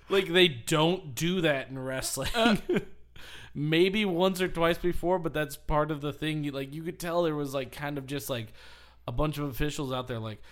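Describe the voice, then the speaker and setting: A man's voice: fairly high pitch, measured pace, a bit bright. A man hosting a casual podcast, telling a story in a rambling way with frequent laughs and swearing. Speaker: podcast host. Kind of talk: casual chat.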